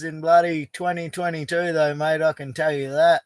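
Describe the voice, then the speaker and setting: A man's voice: a little high, little pitch movement, normal speed, clear, resonant tone, no echo. Laid-back, swearing Australian bushman. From Western Australia. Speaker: livestream host. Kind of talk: casual live chat reading comments. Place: outback bush camp outdoors.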